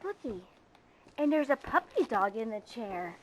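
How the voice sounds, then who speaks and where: A woman speaks to her toddler in a gentle, coaxing sing-song. Her voice sits well above the usual range for a woman. It's the patient, encouraging talk of a parent in a casual home recording. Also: a little high, very animated, unhurried, slight background noise. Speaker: mother. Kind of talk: home video baby talk.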